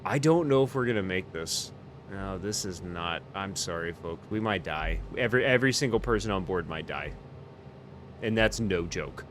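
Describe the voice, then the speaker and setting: A man doing a comedic role-play as an airline pilot in a flight game, panicky and profane, lurching between muttering and shouting. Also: low voice, lively intonation, normal speed, a little hiss or hum. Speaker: flight sim streamer.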